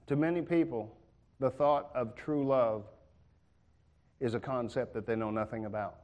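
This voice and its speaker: A man's voice: mid-range voice, normal speed, dull audio. A man preaching a sermon in a church, folksy and joking in a conversational way.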